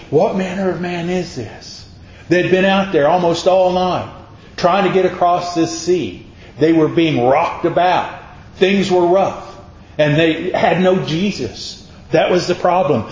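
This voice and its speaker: A man's voice: a little high, lively intonation, a little slow. A man preaching a sermon, dramatic and acting out voices from the Bible. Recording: echoey room, dull sound.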